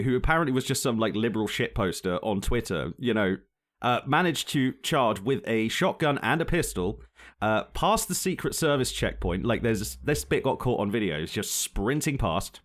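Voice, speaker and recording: A man's voice: medium pitch, a bit bright. A young man co-hosting a podcast, walking through a story in casual chat, rambling and sweary, often laughing. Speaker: podcast co-host.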